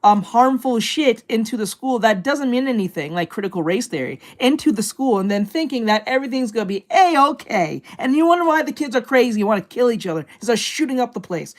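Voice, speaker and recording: A woman's voice: fairly high pitch, lively intonation, fairly quick, few pauses. A woman host giving casual reaction commentary, blunt and profane, rambling with many restarts.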